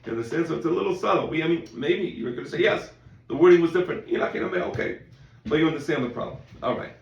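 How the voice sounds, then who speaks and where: Gravelly-voiced male rabbi teaching in an echoey room. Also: on the high side, racing, dull audio. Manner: conversational, repeats words, quotes in animated voices. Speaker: rabbi teaching a Talmud class. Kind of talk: casual Talmud lesson.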